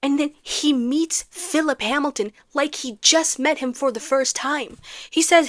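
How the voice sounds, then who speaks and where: Young woman content creator, bright punchy voice, ranting dramatic with whispery asides. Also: high voice, moderate pace, no echo. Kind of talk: casual musical recap.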